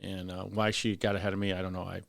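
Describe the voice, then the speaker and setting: Veteran fire lieutenant, fairly low voice, lively storyteller; dry studio sound. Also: male voice, quick pace, vocal fry, dry recording. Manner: animated, acts out voices in his story. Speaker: firefighter lieutenant guest. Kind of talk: casual storytelling on a podcast.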